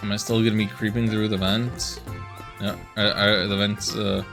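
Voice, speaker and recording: Gravelly-voiced man streaming a game. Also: lowish voice, flat delivery, moderate pace, over music. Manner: joking, rambling asides. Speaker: streamer playing a video game. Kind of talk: casual gameplay commentary.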